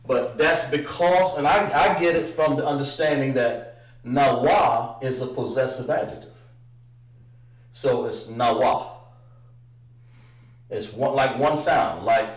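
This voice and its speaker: A man teaching a livestreamed language lesson, drawing out words slowly for pronunciation drills and chatting with viewers between examples. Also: medium pitch. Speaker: instructor. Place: room, livestream. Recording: roomy echo, far from the mic.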